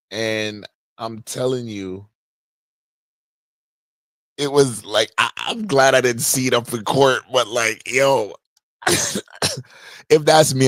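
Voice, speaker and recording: A man's voice: mid-range voice, no room sound. A man hosting a livestream podcast from a home podcast room, chatting loosely and jokingly with slang. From Canada. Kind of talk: casual livestream chat.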